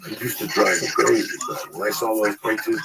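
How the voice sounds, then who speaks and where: A man who is a stand-up comedian, telling a heated, profane story in casual chat, recorded on a distant mic with loud noise behind. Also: fairly low pitch, brisk, gravelly, loud music behind the voice.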